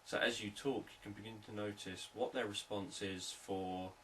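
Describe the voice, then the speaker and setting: Deep-voiced man teaching calmly. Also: normal speed, recorded from a distance, a little hiss or hum, poor audio. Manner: calm, repetitive explanatory delivery. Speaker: hypnotherapist and sales trainer. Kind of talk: unscripted teaching talk.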